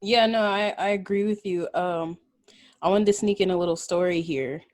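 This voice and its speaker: A slightly tipsy woman tells a story in a casual podcast chat, with a lower voice than most. She talks loosely, laughs, fills pauses with ums and swears freely. The sound is close and dry with no room around it. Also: no echo. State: a little tipsy. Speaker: podcast co-host.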